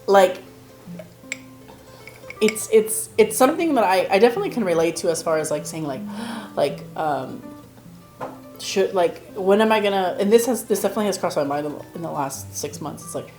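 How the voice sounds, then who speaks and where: A woman's voice: lowish voice, lively intonation, moderate pace, long pauses, a little mellow, roomy sound, soft background music. A woman hosting a casual chat, reacting often with exclamations and encouraging her guest to keep going. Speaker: podcast host.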